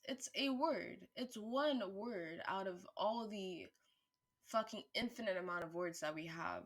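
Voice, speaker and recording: A woman vlogger thinking aloud in a casual monologue, rambling with restarts, swearing freely, and turning louder and higher when worked up. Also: measured pace. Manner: animated, rising pitch and volume when worked up.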